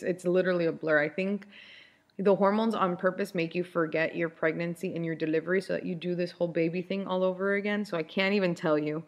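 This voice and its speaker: A woman in her thirties hosting a podcast, telling a personal story in a candid, chatty way with frequent restarts. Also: fairly low pitch. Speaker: podcast host.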